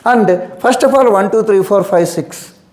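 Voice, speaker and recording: Male English teacher, slow and deliberate, pitched a bit high, echoey room. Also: a little mellow. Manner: repeats instructions, addresses students as "my dear". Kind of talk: exam-preparation lesson.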